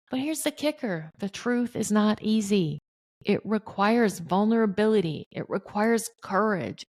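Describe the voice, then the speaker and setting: A middle-aged woman hosting a solo podcast, talking earnestly and speaking straight to her listeners. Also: medium pitch. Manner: earnest, addresses listeners directly. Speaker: podcast host.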